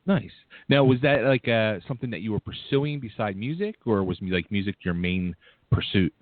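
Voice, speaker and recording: A laid-back man hosts a casual radio interview, laughing often and stumbling over his words. His voice sits fairly low. The sound is dry, with no room around it, and thin like a phone line. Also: expressive, moderate pace, dry recording.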